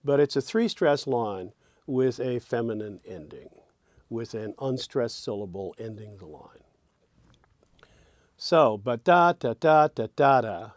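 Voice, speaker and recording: A man's voice: mid-range voice, expressive, slow, no room sound, clean studio sound. A man teaching songwriting in a reflective lecture, often sounding out rhythms with sung syllables.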